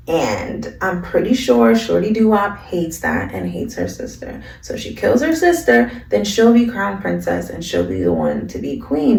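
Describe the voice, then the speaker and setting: A woman's voice: medium pitch, vocal fry, a little mellow, far from the mic. A woman vlogger in a slangy, chatty casual recap of an anime, recorded in an echoey room. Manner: slangy, chatty, lots of fillers.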